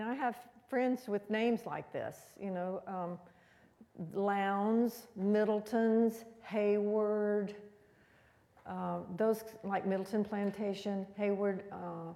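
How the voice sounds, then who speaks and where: A woman's voice: mid-range voice, gravelly, mellow, in a large hall. A woman giving a conversational, rambling history talk as a guest speaker in a museum room.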